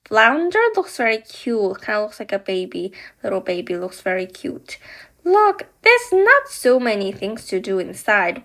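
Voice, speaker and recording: A woman's voice: mid-range voice, fairly bright tone. A woman reviewing and building a toy set, chatty and enthusiastic with many fillers.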